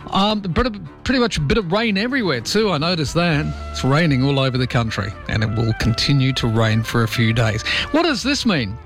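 A man's voice: a little high, very animated, brisk, few pauses, over music. A man hosting a morning show, talking casually with wry, mock-dramatic asides. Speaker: show host.

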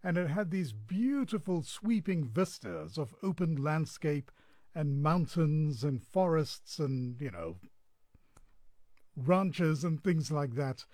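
A man's voice: a little high, expressive, takes it slowly, warm tone, dry recording, studio quality. A male radio presenter introducing classical music on air in an easygoing, chatty way, fighting off a bout of hiccups. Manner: easygoing, chatty with small asides. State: has the hiccups. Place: radio studio.

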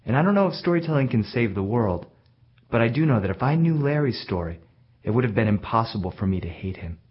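A man's voice: medium pitch, very animated, quick pace, husky. A man earnestly telling a personal story from his childhood in a reflective way. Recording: dull lo-fi recording.

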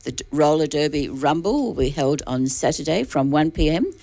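A woman's voice: deep voice, lively intonation, normal speed, gravelly, dark tone, dry recording. A woman reading local newspaper articles aloud on radio, restarting words and adding dry asides.

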